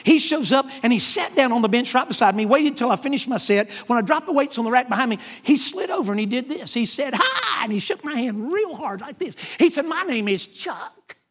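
A man with a very high speaking voice preaches with lively energy. He tells a story and acts out every part of the dialogue, then moves into scripture. He sounds middle-aged and comes from the United States. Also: a little fast, hardly any pauses, slightly rough. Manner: animated storyteller acting out dialogue. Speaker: evangelist preacher. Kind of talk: storytelling sermon.

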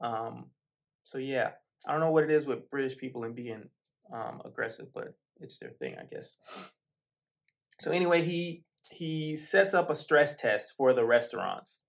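A man's voice: medium pitch, normal speed, gravelly. Rambling man hosting a sports podcast. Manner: rambling, conversational, with frequent fillers and asides. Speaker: podcast host. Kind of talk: casual sports commentary monologue.

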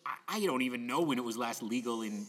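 A man's voice: medium pitch, lively intonation, fast talker, a bit bright, in a large hall. A man from Canada telling a casual story with lots of restarts and acted-out quotes. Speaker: cinema staff storyteller.

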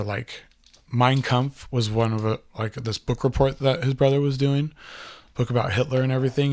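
A man's voice: medium pitch, a little mellow. A young man telling a personal story in a loose, rambling way, full of filler words and swearing.

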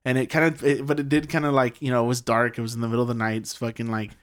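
A man's voice: mid-range voice, flat delivery, very fast. A young man telling a story in casual chat, rambling, with lots of fillers and swearing. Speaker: podcast guest telling a ghost story.

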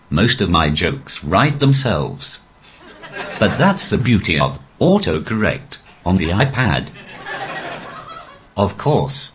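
A male stand-up comedian talking through a posh, robotic text-to-speech voice with a deadpan, even delivery. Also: deep voice, slight background noise. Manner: deadpan, evenly paced delivery. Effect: synthetic text-to-speech voice. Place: live comedy venue.

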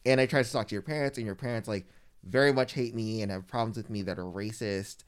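A man's voice: on the low side, quick pace, smooth. A man telling a long personal story in casual chat. He talks animatedly, fills it with "like", and mimics the people he quotes.

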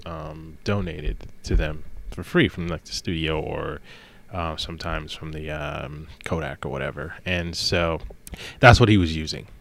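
A man on a podcast telling a story in casual chat, acting out the people he quotes. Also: sits low. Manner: animated storyteller, acts out quotes. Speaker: podcast host.

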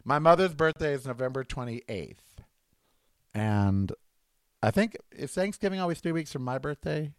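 A man's voice: a little high, expressive, moderate pace, clear, resonant tone, no echo. A man hosting a comedic rant monologue, sarcastic and mocking as he riffs at length. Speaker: host.

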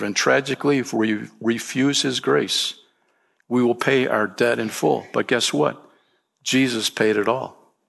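Preaching a sermon as pastor, a man speaks emphatically, raising his voice on key points and addressing listeners as "man" and "friend." His mid-range voice is gravelly with a slightly bright quality.

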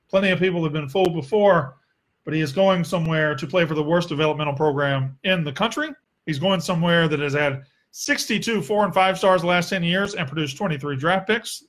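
A man's voice: on the high side, a bit bright. A young man with a Southern US accent, hosting a casual solo sports Q&A in a blunt, profane and sarcastic way. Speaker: sports podcast host.

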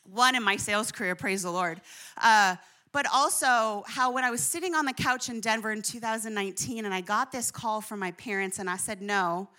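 A woman pastor preaching with a high, bright voice. She tells funny personal stories and throws asides to the congregation in a lively, animated way. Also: fairly quick. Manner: animated, humorous storytelling with asides to the audience.

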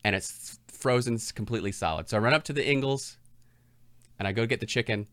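A man's voice: medium pitch, fairly quick, a bit bright, no echo. A middle-aged man co-hosting a casual chat, telling stories and sharing facts with dry humor. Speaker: podcast co-host.

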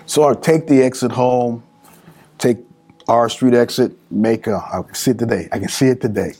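A middle-aged man from California telling a personal story in an interview, acting out quoted voices with lively pitch swings. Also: normal speed, slightly rough. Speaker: guest author.

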